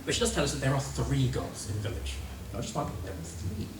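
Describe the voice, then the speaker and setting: A man presenting a convention panel, recapping a game in an excitable, laughing, swear-heavy way and acting out characters' lines. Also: medium pitch, fast. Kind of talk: animated comedic recap. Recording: echoey hall, distant mic, noisy.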